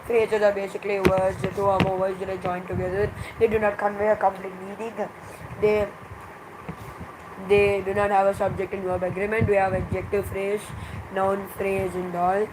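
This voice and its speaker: A teacher giving a grammar revision lesson, explaining slowly and in measured steps with many pauses. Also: medium pitch, flat delivery, background noise.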